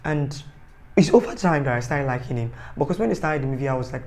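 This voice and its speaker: A man's voice: mid-range voice, fast, vocal fry, darkish tone, a little hiss or hum. A man giving a casual, rambling, joking review of a TV series, often correcting himself. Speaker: TV show reviewer.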